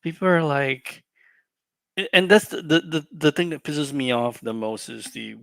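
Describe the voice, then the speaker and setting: A man's voice: fairly high pitch, moderate pace, gravelly, a bit bright, dry recording. A man co-hosting a collectibles stream, ranting profanely and with exasperation in casual chat.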